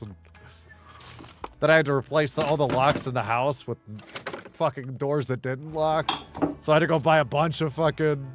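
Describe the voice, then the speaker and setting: A middle-aged man telling stories while gaming, blunt, heavily profane and laughing often. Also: on the high side. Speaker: gaming streamer. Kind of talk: casual storytelling while gaming.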